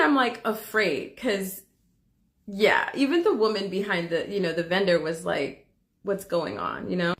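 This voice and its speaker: A woman hosting a reaction video, telling a personal story in candid, casual commentary full of filler words. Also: medium pitch.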